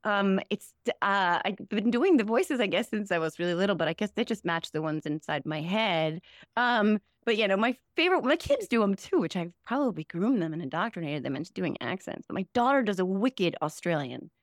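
A woman's voice: mid-range voice, animated, a little fast, no echo, clean studio sound. A woman in her forties, a podcast guest chatting casually, self-mocking and laughing often. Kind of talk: casual chat.

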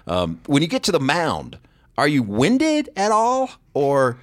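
A man's voice: mid-range voice, big pitch swings, moderate pace, no echo. A middle-aged man hosting a sports podcast, asking questions with enthusiasm and acting out quotes. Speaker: podcast host, sports reporter. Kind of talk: interview.

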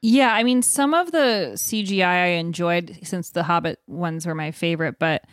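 A woman's voice: on the low side, normal speed, no room sound, studio quality. A woman co-hosting a podcast in casual chat, rambling with lots of "like". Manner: rambling, heavy use of "like". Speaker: podcast co-host.

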